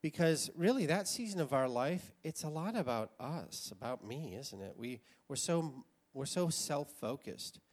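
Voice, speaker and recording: An American man in his sixties telling a personal story as a sermon, animated and laughing often. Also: on the high side, a little slow, hardly any pauses. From United States. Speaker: preacher.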